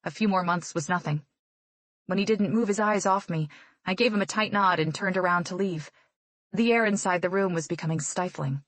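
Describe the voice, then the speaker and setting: A woman's voice: on the low side, moderate pace, dry recording. A woman narrating a romance audiobook in first person with an intimate, reflective manner.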